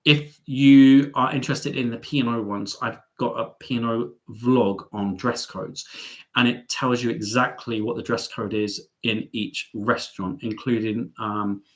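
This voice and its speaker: Chatty man hosting a live Q&A. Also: a little slow. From Devon, England. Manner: chatty, reads out viewer comments and answers them; lively and playful, with big jumps up in pitch. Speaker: travel vlogger hosting a live stream. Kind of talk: live stream Q&A chat.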